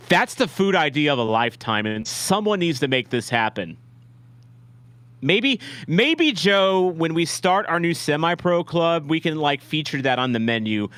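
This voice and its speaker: A man's voice: on the high side, very animated, unhurried, a bit bright, clean tone, no echo. A man hosting a live-stream watch-along, chatting casually with viewers in a rambling, self-deprecating way with many restarts. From St. Louis, USA. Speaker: livestream watch-along host.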